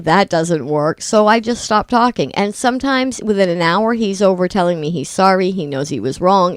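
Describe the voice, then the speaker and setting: A woman's voice: mid-range voice, no echo, studio quality. Candid chatty woman co-host. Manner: candid, self-deprecating, quick restarts. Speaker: podcast co-host. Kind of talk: casual chat.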